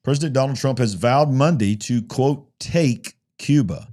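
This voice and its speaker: A man's voice: medium pitch, normal speed, dark tone. A male host discussing news headlines, reading articles aloud with emphatic asides. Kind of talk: news commentary talk show.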